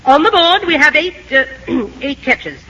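An actress playing a prim, strict schoolmistress in a vintage film, with a formal, stern manner. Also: female voice, high voice, big pitch swings, unhurried, bright, forceful tone, heavily acted, rough recording. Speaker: teacher. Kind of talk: 1940s film acting.

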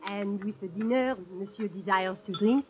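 An actress with a French accent playing a coaxing, insistent middle-aged restaurant hostess from Normandy in an old radio drama. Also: female voice, medium pitch, normal speed, faint music behind, close to an everyday voice. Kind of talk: 1940s radio acting. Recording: dull old radio recording.

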